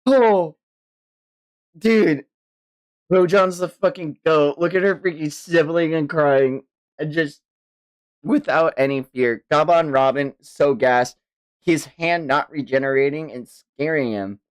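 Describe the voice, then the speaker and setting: A woman streaming a live reaction, excitable and swearing, with many gasps and exclamations. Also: low-pitched, slow pace. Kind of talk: live reaction to a manga chapter.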